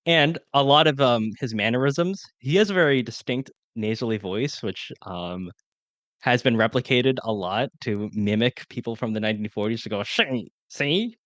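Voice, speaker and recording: A young man co-hosting a podcast, chatting casually about an old film, talking fast with lots of fillers. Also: medium pitch, fairly bright tone, no room sound. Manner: fast, rambling with many fillers. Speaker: podcast co-host. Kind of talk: casual film-review chat.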